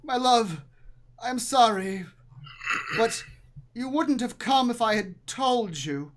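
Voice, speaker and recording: A smooth-talking male courtier soothes his beloved wife, as a game master puts him on. His tone is placating and a touch higher than plain speech. It is tabletop role-play with a slow, swooping delivery. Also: animated.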